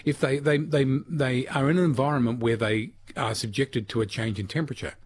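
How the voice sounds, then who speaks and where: A man's voice: mid-range voice, fairly even intonation, a little fast. A man hosting an interview, asking curious, chatty questions and tripping over repeated words. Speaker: interviewer host.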